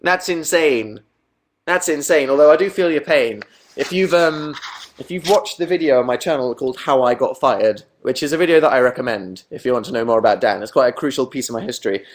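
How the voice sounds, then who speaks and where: A man's voice: medium pitch, expressive, brisk. A young Englishman with an English accent, chatting casually to viewers on a webcam livestream, self-mocking and rambling. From England. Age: young adult. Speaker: host.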